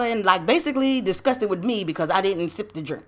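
A woman's voice: medium pitch, expressive, a little fast, hardly any pauses, a bit bright. A woman hosting a podcast, telling a personal story in casual, slangy, profane talk full of rhetorical questions. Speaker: podcast host.

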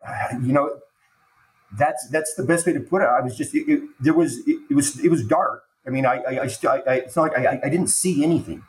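A man, a podcast guest, telling an emotional personal story in halting speech, stumbling and repeating words when he gets moved. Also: mid-range voice, a little hiss or hum. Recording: echoey room with faint ambience.

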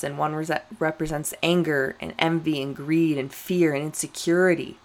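A young woman talking on her own podcast in a loose, candid way, turning to her listeners often and leaning hard on her points. Her voice sits a little low for a woman. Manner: candid, emphatic, talks straight to listeners. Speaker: podcast host. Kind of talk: casual solo podcast talk.

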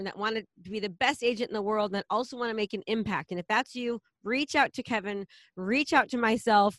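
A woman's voice: fairly high pitch, fairly bright tone, dry recording. A woman leading a real estate team, talking casually and enthusiastically in a promotional chat with a colleague. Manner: enthusiastic, rapid, salesy, repeats herself.

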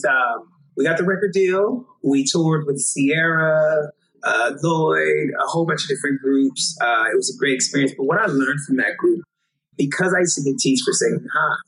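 A young man, a singer from Los Angeles, telling stories in an interview, animated and quick to laugh. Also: fairly high pitch, distant mic, poor audio. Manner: animated, acts out quotes, laughs often. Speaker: singer, guest. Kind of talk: storytelling interview.

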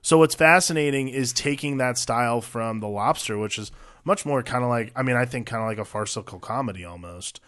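Man, podcast co-host, casual film talk, animated, swears a lot, middle pitch. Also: fairly quick. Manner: animated, swears freely, acts out quoted lines.

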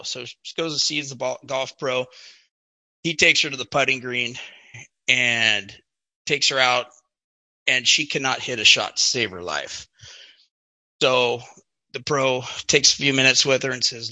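A man's voice: medium pitch, measured pace, pauses often, sharp tone, no room sound, low-quality recording. A man casually telling jokes among friends. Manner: laughs at his own jokes. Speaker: joke teller.

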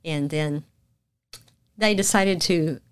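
A middle-aged Southern woman talks through her career as an interview guest. Her voice sits a bit low, and she tells the story with energy, acting out each quoted line. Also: slow pace, clear, resonant tone. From Macon, Georgia. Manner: animated storyteller, acts out quoted lines. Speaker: guest, news anchor.

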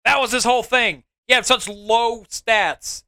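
Excitable man chatting about a game. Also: extremely high pitch, unhurried, no room sound, clean studio sound. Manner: excitable, laughs a lot, jokey. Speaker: podcast co-host. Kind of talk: casual chat about a mobile game.

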